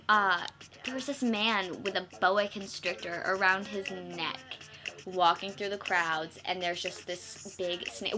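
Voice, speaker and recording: A woman's voice: mid-range voice, measured pace, music in the background. A young woman vlogging in a rambling, incredulous way, swearing and saying "like" constantly. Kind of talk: casual vlog rant.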